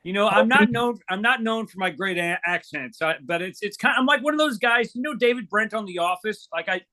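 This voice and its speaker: Guy hosting a podcast, high bright voice, goofy and jokey. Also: expressive, brisk. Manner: jokey, playful banter. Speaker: podcast host. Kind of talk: casual chat.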